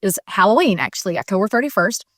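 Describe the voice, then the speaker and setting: As a podcast guest, a middle-aged woman gives a personal faith testimony in an ordinary mid-range voice. She speaks earnestly and in a rapid-fire, animated tumble, full of restarts and fillers. The recording is dry and close, with no echo or room sound.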